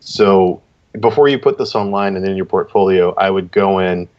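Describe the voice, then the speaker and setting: A man's voice: low voice, normal speed, lo-fi sound. A man as a guest judge giving casual art critiques on a live stream, piling on emphatic praise with repeated "really, really.".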